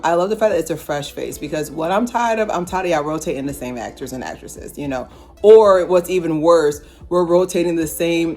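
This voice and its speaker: A woman giving a casual movie review with a rambling, slangy, filler-heavy manner. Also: low-pitched.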